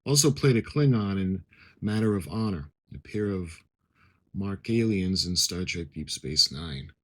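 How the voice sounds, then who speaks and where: A middle-aged man talks through an unboxing in a casual, chatty way. He reads captions aloud and adds his own asides. His voice sits a little low but comes across bright and forceful. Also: expressive, measured pace, poor audio. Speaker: model-kit unboxing vlogger.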